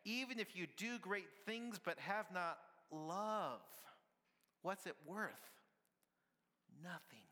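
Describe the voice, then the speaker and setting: A man delivers a sermon in a conversational, playful way, tossing questions and light laughs to the congregation. His voice is bright and fairly high for a man. The sound carries the long reverb of a church hall. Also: slow pace. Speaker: pastor.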